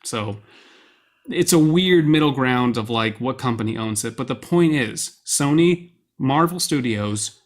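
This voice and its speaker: A young man co-hosting a podcast, chatting casually and excitedly, rambling and swearing freely. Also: mid-range voice, measured pace. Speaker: podcast co-host. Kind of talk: casual chat.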